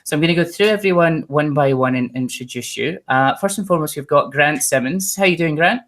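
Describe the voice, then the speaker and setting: A man's voice: a little high, fairly quick, fairly bright tone. A man hosting a webinar, introducing his panel guests in a casual way and teasing them with jokes. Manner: joking, teasing. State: energetic from caffeine. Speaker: webinar host.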